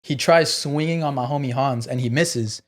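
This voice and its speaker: Brief: male comedian guest, mid-pitch, profane rambling anecdote teller. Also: normal speed. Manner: profane, filler-heavy storytelling with many "like"s. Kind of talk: casual podcast storytelling.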